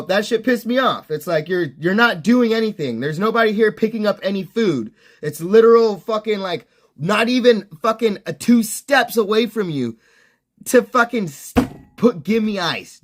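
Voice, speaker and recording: High-voiced man ranting, exasperated. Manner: heavy swearing, exasperated ranting. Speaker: streamer. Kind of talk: casual ranting monologue.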